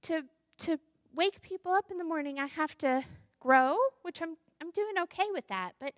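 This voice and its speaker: Lady doing a fretful young rooster, stammery and high, storybook voice, dry sound. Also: no room sound. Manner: hesitant, stumbling, worried. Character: young male rooster, anxious and unsure.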